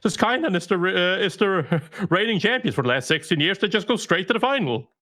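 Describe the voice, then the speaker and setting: Bright, animated male co-host. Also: high voice, fairly quick. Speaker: podcast co-host. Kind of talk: casual podcast chat.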